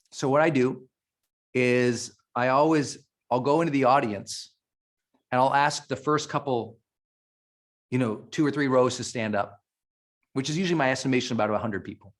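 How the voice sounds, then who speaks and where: A middle-aged man from Montana giving an emphatic, emotional motivational speech to a live audience, often restarting his sentences. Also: mid-range voice. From Montana, USA. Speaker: keynote speaker.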